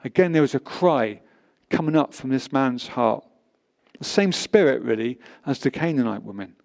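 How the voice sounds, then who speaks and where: A man's voice: medium pitch, lively intonation, moderate pace, vocal fry, darkish tone. A man preaching a sermon, reading scripture aloud with emphatic rises and drops.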